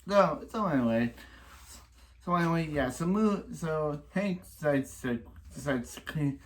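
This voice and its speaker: A man's voice: fairly high pitch, lively intonation, a little slow. Rambling man recapping an episode. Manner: rambling with many restarts and repeated phrases; exasperated complaining. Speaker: reaction video host.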